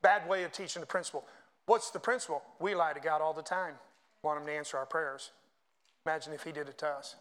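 Male pastor, high-pitched, preaching a sermon; swells on scripture, chats with the congregation between readings. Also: fairly even intonation, fast talker, a bit bright. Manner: conversational asides to the congregation.

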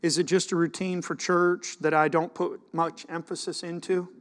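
Middle-aged man, pastor, high-pitched and animated, reads scripture and preaches with swings from loud to soft. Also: normal speed, hardly any pauses, long reverb tail. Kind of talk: sermon.

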